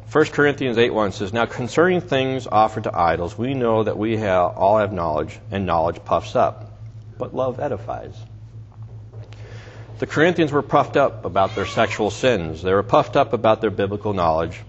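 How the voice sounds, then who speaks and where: A man's voice: on the low side, lively intonation, moderate pace. A man teaching through a Bible passage in a conversational way, with restarts and asides. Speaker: preacher. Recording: dull lo-fi recording with faint noise.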